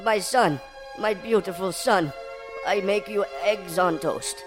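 Dude doing a raised-pitch weepy mom voice, all melodramatic and earnest. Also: male voice, takes it slowly, over music. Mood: doting. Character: grieving mother, sweet and tearful.

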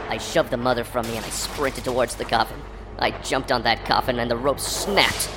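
A man narrating an absurd horror story parody in a deadpan storytelling manner. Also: medium pitch. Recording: faint background music.

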